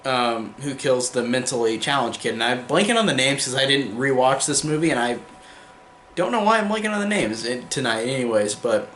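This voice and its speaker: An excited young man rambles through a casual film review, piling on fillers and repeated "like"s, his pitch sitting in the middle range. The room around him is echoey, with a faint hum of ambience beneath. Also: brisk. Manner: enthusiastic, rambling, lots of fillers and repeated likes.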